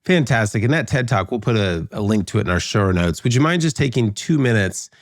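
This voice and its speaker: A man's voice: fairly low pitch, expressive, a little fast, no echo, clean studio sound. A man hosting a podcast interview, speaking in an appreciative, conversational way. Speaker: podcast host.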